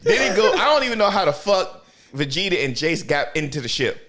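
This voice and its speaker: A man with a high voice whose pitch swings wildly, riffing through a casual podcast chat. He laughs hard and acts out scenes in quick put-on voices, then drops back into relaxed banter. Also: a little hiss or hum. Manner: animated, loud laughter, acts out characters in quoted voices. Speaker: podcast co-host.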